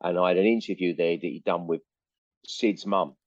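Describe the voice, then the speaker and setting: A man's voice: low-pitched, normal speed, darkish tone, no echo, highs cut off. An older man with an East London accent, a musician telling long rambling anecdotes in a casual interview. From England. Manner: rambling anecdotes with frequent fillers and restarts.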